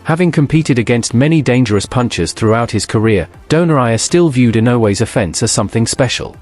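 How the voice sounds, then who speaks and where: Man in measured, scripted narration. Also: medium pitch, soft background music. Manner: even, measured, formal.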